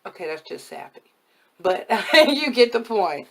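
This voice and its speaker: A woman's voice: medium pitch, sing-song, a little slow, creaky, fairly bright tone. Woman, tarot reader, casual talk to camera, blunt motherly advice, slightly worn voice. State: voice worn from overuse. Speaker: tarot reader and spiritual advisor.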